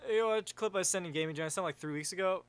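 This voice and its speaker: A young man hosting a livestream, chatting casually and reading chat, rambling and swearing freely with a vaguely raspy edge. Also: sits high, rapid-fire, no room sound. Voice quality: says his voice is vaguely raspy. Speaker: livestream host. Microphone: headset or desk mic with headphones.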